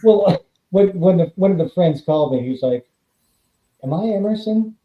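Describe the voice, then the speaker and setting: A man's voice: on the high side, a little fast. A man, a guest actor and author, chatting casually and acting out the voices in his stories. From California. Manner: animated storyteller, acts out quoted voices. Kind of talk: casual interview chat. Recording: dull, roomy remote audio.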